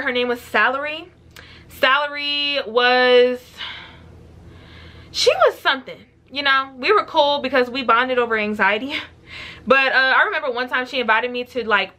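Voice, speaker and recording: Blunt, animated young woman telling a story. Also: a little high. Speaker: vlogger. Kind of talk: casual storytime.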